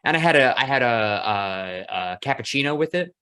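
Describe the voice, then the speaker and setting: A man hosting a casual podcast, talking in a relaxed, easygoing way and swearing casually. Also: medium pitch, moderate pace, clear, resonant tone. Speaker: podcast host. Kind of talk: casual chat.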